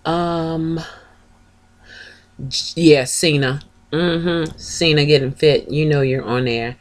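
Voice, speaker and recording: A woman vlogger talks in a low, deep-set voice, taking her time as she chats. She gushes warmly about other channels and stops to spell out names letter by letter. The tone stays casual and conversational throughout. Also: fairly even intonation, slow. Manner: chatty, gushing, spells out names. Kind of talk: casual chat, shouting out channels.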